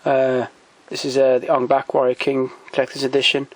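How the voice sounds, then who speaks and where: A man speaks at an everyday middle pitch, thinking aloud as he goes, with frequent ums and restarts. He is off-the-cuff and keen, recorded at home beside a shelf. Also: monotone, brisk, no echo, low-quality recording. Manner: hesitant, many ums and restarts, enthusiastic recommendations. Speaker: collector showing DVDs. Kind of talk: casual off-the-cuff commentary.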